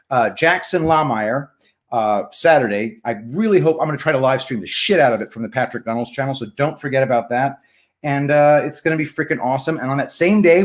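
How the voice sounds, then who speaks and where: Reading viewer comments and plugging sponsors, a live-stream host chats casually in a fairly high voice. He's animated and full of jokes, his volume jumping from loud to a mumble.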